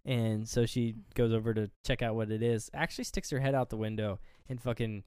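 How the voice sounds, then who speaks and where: Smooth-voiced man recapping a movie. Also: mid-range voice, fairly even intonation, fairly quick, a little mellow, dry recording. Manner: recaps scenes, acting out characters' lines. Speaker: podcast co-host. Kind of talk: casual movie review chat.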